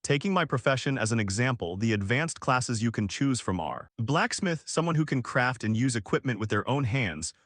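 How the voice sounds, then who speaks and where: A man's voice: medium pitch, expressive, normal speed, few pauses, a bit bright, no echo. Stern bossy young guildmate, irritable, a man reading it plainly, dry sound.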